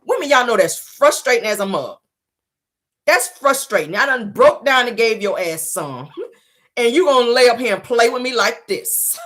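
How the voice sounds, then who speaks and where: Sassy, laughing woman host with a lively voice. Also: on the high side. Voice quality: sassy, profane, laughs often. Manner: animated, acts out both sides of a scene. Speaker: show host. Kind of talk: casual gossip commentary.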